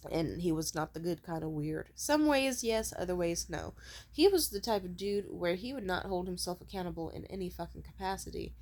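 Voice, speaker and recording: A woman's voice: fairly low pitch, animated, brisk, a little mellow. Blunt, foul-mouthed woman ranting. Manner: blunt, profane, heated. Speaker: vlogger. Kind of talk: casual storytime rant.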